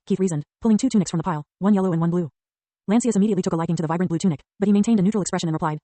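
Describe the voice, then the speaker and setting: Give me a woman narrating a fantasy audiobook, quick and mellow, with a dry close sound. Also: fairly low pitch, no echo. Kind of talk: scripted narration.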